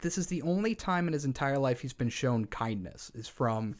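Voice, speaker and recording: Male podcast co-host, mid-pitched, casual comedic storyteller with wry asides. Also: lively intonation, normal speed.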